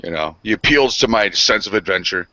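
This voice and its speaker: A man's voice: fairly low pitch, animated, fairly quick, sharp tone, dry recording. A man co-hosting a casual podcast, rambling loosely with profanity. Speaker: podcast co-host. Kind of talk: casual chat. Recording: dry, dull lo-fi sound.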